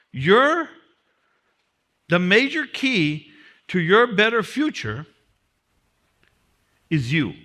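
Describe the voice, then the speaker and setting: Man, motivational class teacher, high voice, bright, drills phrases again and again. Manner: repetitive, emphatic, drills key phrases; speaks from personal experience of prison. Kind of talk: motivational seminar lecture.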